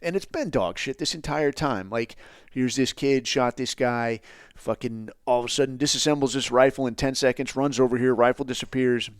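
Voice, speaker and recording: Sweary sarcastic podcast guy ranting, mid pitched voice, super dry close sound. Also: normal speed, smooth, no echo. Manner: blunt, sarcastic, heavy swearing. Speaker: podcast host. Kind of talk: profane ranting commentary.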